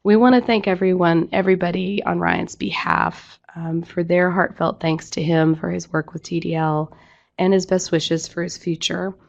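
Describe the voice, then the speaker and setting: A woman executive director with a hoarse, croaky voice from losing it, giving a businesslike staff update with fillers. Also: on the low side, steady tone, moderate pace, lo-fi sound. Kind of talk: online presentation.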